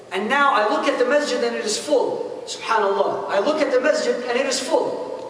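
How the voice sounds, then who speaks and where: Preacher in an echoey mosque hall. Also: male voice, sits high, fairly bright tone, recorded from a distance, slight background noise. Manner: storytelling with jokes and asides to the audience. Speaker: imam. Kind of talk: sermon storytelling.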